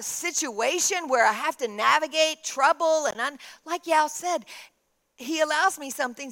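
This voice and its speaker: A woman pastor preaching a sermon, shifting between emphatic declarations and quiet storytelling. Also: sits high.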